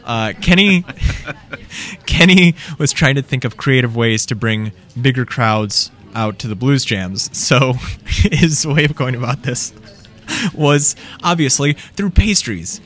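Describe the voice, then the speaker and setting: A man's voice: mid-range voice, slow, a bit bright. A young adult man, a musician guest, telling rambling band stories with chuckles in a casual interview at a coffee shop.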